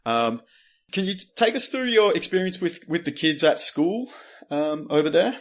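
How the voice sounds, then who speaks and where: A man's voice: on the high side, sing-song, moderate pace. A man hosting a casual interview, hedging his words and saying "you know" often. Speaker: host.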